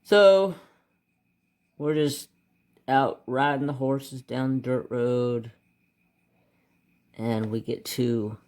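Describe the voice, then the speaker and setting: A man hosting a craft channel, telling a rambling childhood story in a casual way while he colors, muttering to himself over which color to pick and getting animated at the exciting parts. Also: mid-range voice, extremely slow, long pauses. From United States.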